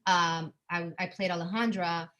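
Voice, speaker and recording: A woman guest, an actress, chatting casually in an interview, bubbly and quick to laugh, with lots of fillers. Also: fairly low pitch, fairly even intonation, a bit bright.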